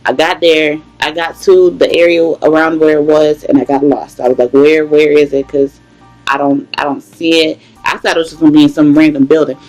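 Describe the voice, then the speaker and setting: A young woman, giving a casual devotional talk, conversational and animated, often calling out to listeners. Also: low voice, fairly quick, soft background music, low-quality recording. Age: young adult. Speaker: devotional host.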